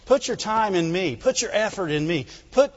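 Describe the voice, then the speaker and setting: A man's voice: sits high, animated, moderate pace. A man preaching a sermon as pastor, fervently calling out "Amen?" to the congregation. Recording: reverberant hall, dull lo-fi sound.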